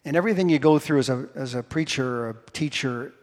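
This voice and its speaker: A man's voice: medium pitch, fast talker. Man in his sixties preaching in a reverberant church. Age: 60s. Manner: humorous personal storytelling. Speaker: pastor. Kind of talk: sermon. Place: church sanctuary. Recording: long hall reverb.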